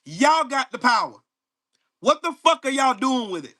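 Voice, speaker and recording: A man's voice: very high-pitched, very animated, normal speed, sharp tone. Angry profane man ranting at live chat. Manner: profane, mocking, confrontational. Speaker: livestream host.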